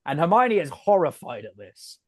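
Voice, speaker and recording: Man calmly recapping, dry close sound. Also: fairly high pitch, normal speed, dry recording. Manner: explanatory, patient. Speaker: podcast co-host. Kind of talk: casual chat, recapping a story.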